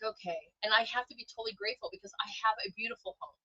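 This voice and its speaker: A woman hosting a podcast, talking in a casual, emotional and animated way. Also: on the high side, rapid-fire, husky, no room sound, lo-fi sound. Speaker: podcast host.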